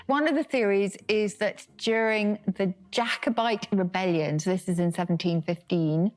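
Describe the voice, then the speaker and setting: A woman's voice: mid-range voice, steady tone, normal speed. A woman co-hosting a live podcast on a theatre stage, explaining word origins with enthusiasm. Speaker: podcast co-host, language expert. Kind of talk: live podcast banter before a theatre audience.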